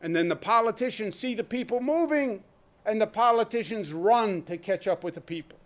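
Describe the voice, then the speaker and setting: A man's voice: high-pitched, expressive, moderate pace. A man, a state governor giving an emphatic press conference speech full of rhetorical questions. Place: press room.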